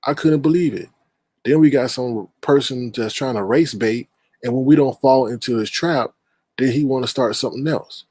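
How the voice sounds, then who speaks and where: A man's voice: mid-range voice, moderate pace, darkish tone, no room sound. A man hosting a livestream panel in casual chat, exasperated and laughing as he scolds the guests. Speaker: panel host.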